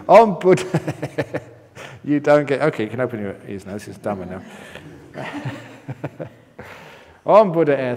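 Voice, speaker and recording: An older man gives a dharma talk at a meditation retreat, mixing teaching with playful jokes and stories. His voice sits in a middle register. Long reverb from the hall trails after each phrase. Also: medium pitch. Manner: joking storyteller, occasional coughs. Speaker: Buddhist monk teacher.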